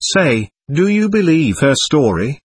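A man voicing the bitter, jealous ghost of a young man, speaking in a stubborn, accusing way with a husky voice. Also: on the high side, sing-song, a little slow, dry recording, full character voice. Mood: resentful.

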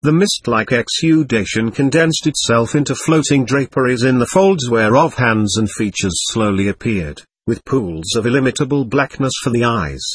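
A man narrating a novel in a measured, even reading voice. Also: mid-range voice, husky, no room sound. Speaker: audiobook narrator. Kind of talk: scripted narration.

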